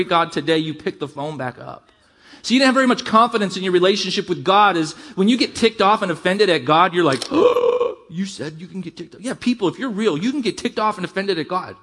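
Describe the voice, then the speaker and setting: High-voiced man preaching a sermon. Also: fairly bright tone. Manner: conversational preaching, rising emphasis, quick asides. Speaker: pastor.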